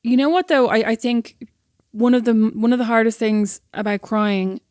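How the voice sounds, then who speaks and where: A woman's voice: fairly high pitch, steady tone, normal speed, a little mellow, no echo, clean studio sound. A woman co-hosting a podcast in casual chat, full of teasing banter. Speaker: podcast co-host.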